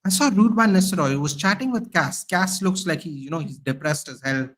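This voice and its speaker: A man's voice: fairly high pitch, lively intonation, a little fast, fairly bright tone. Exasperated man ranting about football. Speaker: guest football fan. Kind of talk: live match reaction chat.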